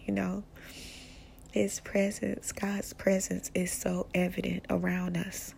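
A woman hosting a casual spiritual podcast, speaking softly and often slipping into a whisper, rambling with restarts. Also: mid-range voice, completely flat delivery, slow, creaky, slight background noise. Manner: soft-spoken, often drifting into a whisper. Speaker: podcast host.

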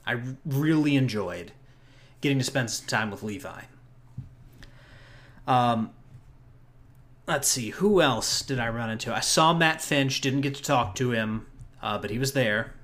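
A man's voice: mid-range voice, lively intonation, unhurried, pauses often, a bit bright. Male host, mid-range voice, casual rambling chat, frequent laughs and restarts. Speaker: podcast host. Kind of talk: casual chat recapping a convention.

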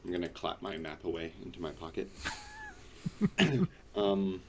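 Playful, lively joking game player. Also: low-pitched, a little slow, noisy background. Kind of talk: casual tabletop play.

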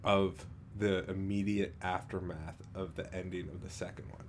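A man's voice: low voice, little pitch movement, slight background noise. A man co-hosting a podcast in casual chat, rambling with lots of fillers and restarts. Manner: rambling, halting, filler-heavy, frequent laughs. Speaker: podcast co-host.

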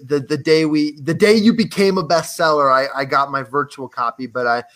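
Brief: male show host, bright forceful tone, enthusiastic, chatty, on a video call. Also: a little high, brisk. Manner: upbeat, enthusiastic. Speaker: podcast host. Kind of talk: casual interview chat.

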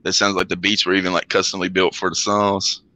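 A man's voice: low-pitched, little pitch movement, a little fast, poor audio. A man co-hosting a podcast, chatting casually about albums in a laid-back way, swearing and laughing easily. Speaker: podcast co-host. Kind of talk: casual chat reviewing music.

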